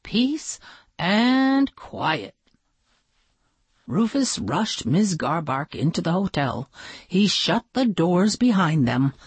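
Brief: female narrator, gentle storybook read, slow and low-pitched. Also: big pitch swings, slightly rough, dry recording. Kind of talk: reading a children's picture book aloud.

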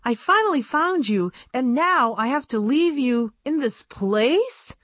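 Earnest little girl doll, high and eager, put on by a woman reading aloud, a little husky, dry close sound. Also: expressive, measured pace, a bit bright, no echo, heavily acted. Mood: pleading.

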